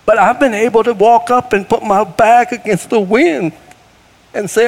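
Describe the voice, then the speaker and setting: A man's voice: sits high, normal speed. A middle-aged man preaching a sermon in a church, folksy and conversational, with sudden rises in force. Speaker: guest preacher. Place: church sanctuary. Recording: long hall reverb.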